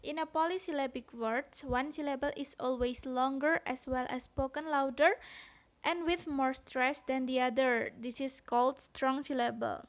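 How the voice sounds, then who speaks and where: A woman giving a read-aloud lesson on phonetics. She explains carefully and deliberately, sounding out example syllables. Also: high voice, steady tone. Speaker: student presenter.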